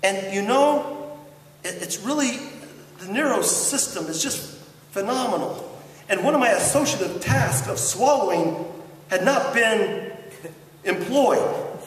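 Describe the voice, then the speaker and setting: Middle-aged guy telling a story to students in a school chapel, highish voice, big echo, mic kinda far off. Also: measured pace, pauses often. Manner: animated storyteller, swings from hushed asides to shouts. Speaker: chapel speaker. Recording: roomy hall from far off.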